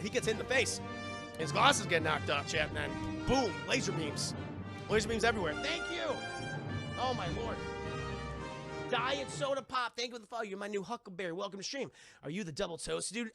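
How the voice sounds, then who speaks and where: A man reviewing a cartoon on a live stream, animated and profane, talking to his chat. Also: high-pitched, gravelly. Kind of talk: casual live-stream commentary.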